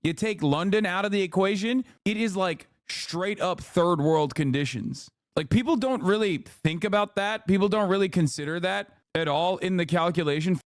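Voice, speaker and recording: A man's voice: high voice, normal speed, hardly any pauses, no echo, clean studio sound. A man hosting a live political commentary stream, heated and ranting, swearing often as he answers his chat. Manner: reads chat aloud and answers it. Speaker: streamer host.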